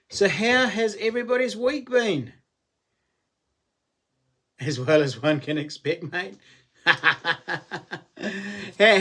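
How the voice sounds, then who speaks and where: A middle-aged man with a New Zealand accent hosting a casual live-stream chat, matey and chatty, greeting viewers by name and laughing often. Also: on the high side. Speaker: livestream host.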